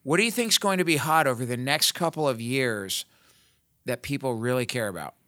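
A male podcast co-host with a bright, forward voice, recorded dry and close. He keeps the chat loose and playfully teases his guest. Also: medium pitch, lively intonation, brisk, dry recording. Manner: teasing, playful.

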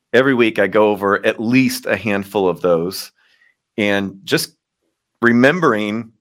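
A man from Kentucky speaks as a pastor being interviewed. His voice sits on the lower side, and he reflects earnestly on his work. He tells his stories with easy humor. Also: fairly bright tone. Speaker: lead pastor and guest. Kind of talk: storytelling interview answers.

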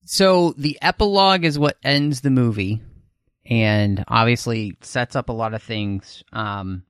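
A man's voice: medium pitch, a little slow, a bit bright, smooth, no room sound, clean studio sound. A man co-hosting a podcast in casual chat, recapping with enthusiasm. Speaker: podcast co-host.

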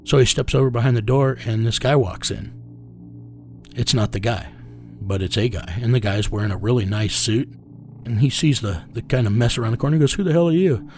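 A man's voice: medium pitch, brisk, faint music behind. Guest, male, mid-range voice; blunt, profane storyteller. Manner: profane, blunt, chuckles while telling. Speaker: interview guest. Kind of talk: casual storytelling.

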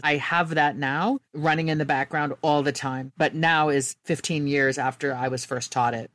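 A woman's voice: deep voice, steady tone, fairly bright tone, dry recording, clean studio sound. A woman guest and author telling candid personal stories in an earnest, reflective way. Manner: earnest, candid, quick bursts.

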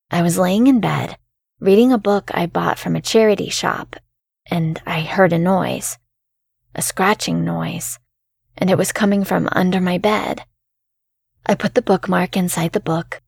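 A woman reading a first-person horror story in a calm, measured way as the show's narrator. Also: on the low side, vocal fry, breathy edge, no echo, clean studio sound.

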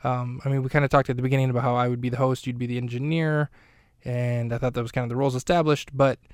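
A man's voice: mid-range voice, little pitch movement, fast talker, smooth, no room sound. A man hosting a podcast, casually recapping a film scene in a rambling, talkative way, with lots of fillers and self-corrections, close to a studio mic. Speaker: podcast host.

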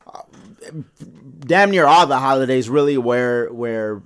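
A man co-hosting a casual podcast discussion, talking in animated bursts with many restarts and pitch jumps when he makes a point. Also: measured pace, clean tone. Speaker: podcast co-host.

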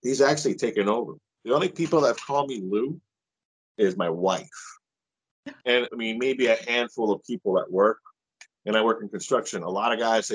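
A middle-aged man telling a story as an interview guest, animated and casual, with a little swearing. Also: fairly low pitch, normal speed, husky, rough recording.

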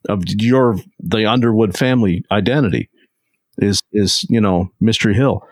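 Low-voiced man explaining steadily. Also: normal speed, no room sound. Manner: steady, explanatory, checks in with "right?". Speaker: podcast co-host. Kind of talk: casual podcast chat.

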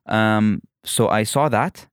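A man from the Emirates with a fairly low voice talks loosely and playfully, breaking off and restarting his sentences as he goes. The recording is dry and close. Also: takes it slowly, smooth, dry recording. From United Arab Emirates. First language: Evazi Persian. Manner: animated, restarts often, playful. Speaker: guest comedian. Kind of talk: casual interview chat.

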